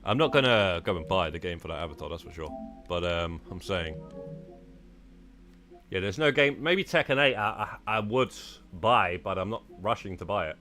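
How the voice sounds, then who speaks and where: A man's voice: deep voice, animated, normal speed, pushed and bright, faint music behind. A man live-streaming a game, chatting loosely with viewers, full of "uh" and "man" while he plays. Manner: chatty, frequent "uh" and "man", talking to chat while playing. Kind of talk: casual live-stream chat.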